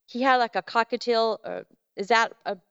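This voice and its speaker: A woman tells a story in lively, casual fashion, slipping into the voices of the people she quotes. Her voice sits a bit high and sounds very smooth and clean. The recording is dry and somewhat dull. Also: normal speed, no room sound. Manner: animated, acts out quoted voices. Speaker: podcast guest, Bigfoot researcher.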